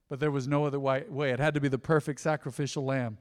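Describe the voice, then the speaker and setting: Emphatic pastor with a long reverb. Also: male voice, mid-range voice, level tone, quick pace. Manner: emphatic, swings between loud peaks and hushed drops. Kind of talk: sermon. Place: church sanctuary.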